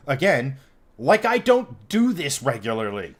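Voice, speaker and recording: A man's voice: medium pitch, a little slow. Swearing man telling a story. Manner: animated, swearing, acts out quoted people. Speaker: podcast host. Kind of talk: casual storytelling chat.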